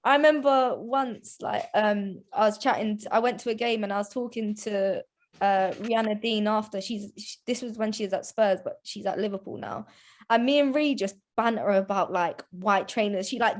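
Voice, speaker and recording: A woman's voice: on the high side, fairly quick. A young woman, chatting casually as a podcast guest, full of restarts and "like" fillers. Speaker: guest, women's football presenter.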